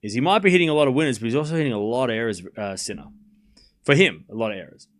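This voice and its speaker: A man's voice: mid-range voice, lively intonation, racing. A man hosting a live tennis watchalong stream, calling the score and shots in a casual play-by-play while chatting with viewers and thanking supporters. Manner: playfully scolds chat.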